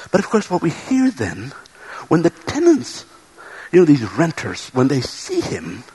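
A man's voice: fairly high pitch, huge pitch swings, unhurried, darkish tone, breathy edge, poor audio. A man preaching a sermon in an earnest way, often repeating words as he builds a point.

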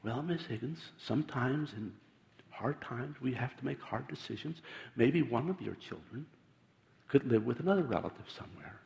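A man voicing a smooth-talking banker who gives cold advice in a calm, reasonable-sounding way. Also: mid-range voice, moderate pace. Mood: patronizing. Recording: long hall reverb.

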